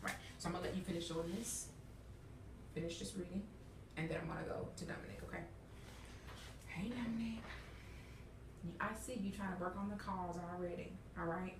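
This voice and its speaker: Helping young readers along, a woman teacher speaks a little fast in a lowish voice, leaving long pauses and checking in with "okay?" and "all right?" The mic is far off in a roomy classroom with background noise.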